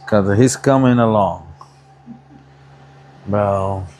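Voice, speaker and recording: Foreign-accented barber chatting loosely. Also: male voice, on the low side, very slow, darkish tone, slight background noise. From abroad, not born in the US. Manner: loose, broken phrasing, calls others bro. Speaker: barber, streamer. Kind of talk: casual chat.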